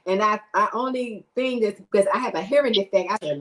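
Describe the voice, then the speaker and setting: A woman's voice: medium pitch, a little fast, hardly any pauses, low-quality recording. A woman, co-hosting a casual podcast chat, who teases the others and explains things to the listeners. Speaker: podcast co-host.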